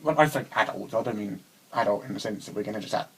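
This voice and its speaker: A man's voice: on the low side, quick pace, fairly bright tone, slightly rough, rough recording. A young man co-hosting a casual chat, talking hesitantly with many restarts and frequent laughs. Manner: hesitant, chatty, laughs often. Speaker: co-host.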